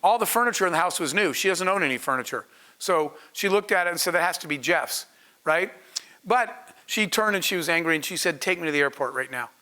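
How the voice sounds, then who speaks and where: High, bright-voiced man telling a business story. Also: brisk, poor audio. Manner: animated storyteller, acts out quoted voices. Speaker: entrepreneur giving a masterclass. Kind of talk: storytelling lecture to an audience.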